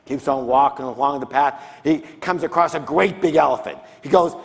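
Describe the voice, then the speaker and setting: A man's voice: mid-range voice, animated, quick pace, few pauses. A man giving a motivational seminar talk on stage, drawing call-and-response answers from his audience. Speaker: seminar speaker. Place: large conference hall, on stage. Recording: long reverb of a large hall.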